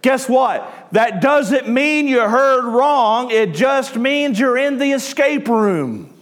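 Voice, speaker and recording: A man's voice: very high voice, expressive, slow. A man with a Southern accent preaching a sermon as pastor, talking conversationally and putting questions to his listeners. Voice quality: conversational, asks the audience questions.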